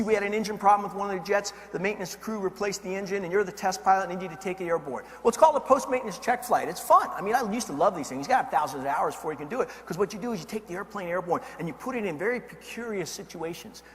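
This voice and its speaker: A male motivational speaker telling a story on stage in an animated, dramatic way. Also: high voice. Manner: animated, dramatic, builds excitement. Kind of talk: keynote storytelling. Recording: long hall reverb, faint noise.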